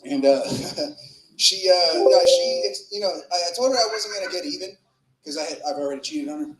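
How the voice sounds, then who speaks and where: High-voiced crude stand-up comic man. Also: moderate pace, fairly bright tone. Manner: crude, rambling delivery with fillers and shifting volume. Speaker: stand-up comedian. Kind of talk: open mic stand-up set. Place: comedy club with live audience. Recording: roomy club echo.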